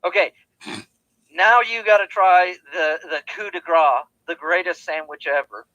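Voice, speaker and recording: A man trades teasing, emphatic banter on a podcast, pressing his points with insistence. His voice is high for a man, and the sound is dry with no room around it. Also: unhurried, sharp tone, no echo, highs cut off. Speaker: podcast co-host. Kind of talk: casual chat.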